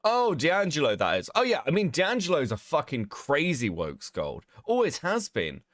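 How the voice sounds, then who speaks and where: Animated young man reacting. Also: on the high side, normal speed, music in the background. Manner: animated, laughs often, swears freely. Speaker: streamer co-host. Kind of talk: casual reaction commentary.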